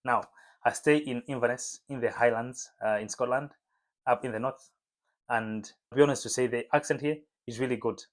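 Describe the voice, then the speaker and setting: A man talking casually to camera in a home vlog, relaxed and chatty with lots of fillers. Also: mid-range voice, moderate pace. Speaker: vlogger. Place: home room lit by a window.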